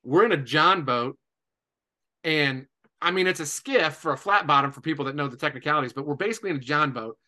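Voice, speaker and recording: A man in his forties from Indiana, a podcast guest telling a lively anecdote with lots of "and, uh" fillers. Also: on the high side, fairly quick. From Indiana, USA. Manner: lively storyteller, many "and, uh" fillers. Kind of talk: animated anecdote.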